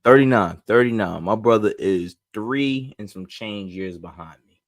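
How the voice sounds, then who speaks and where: A man co-hosting a podcast in lively, joking casual chat. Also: fairly low pitch, unhurried, no room sound. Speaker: podcast co-host.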